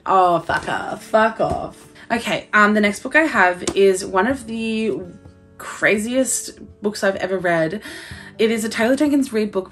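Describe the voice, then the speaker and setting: A young Australian woman chatting excitedly about her favourite books, gushing and swearing casually. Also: medium pitch. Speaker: book vlogger. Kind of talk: casual chat.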